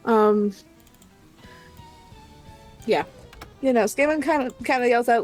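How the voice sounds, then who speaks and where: A woman's voice: mid-range voice, fairly even intonation, takes it slowly, long pauses, darkish tone, faint music behind, rough recording. A woman playing in a tabletop game, talking casually, blunt and swearing a lot. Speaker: player.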